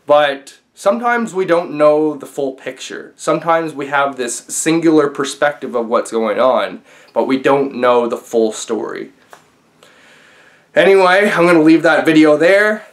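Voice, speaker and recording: A man's voice: fairly high pitch, expressive, measured pace. A man vlogging, telling a story in a casual, conversational way with fillers and restarts.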